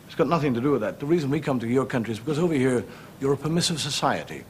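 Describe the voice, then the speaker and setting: A man's voice: mid-range voice, lively intonation, very fast, darkish tone, a little hiss or hum. An Irish man doing a stand-up comedy monologue in a dry, wry storytelling manner. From Ireland.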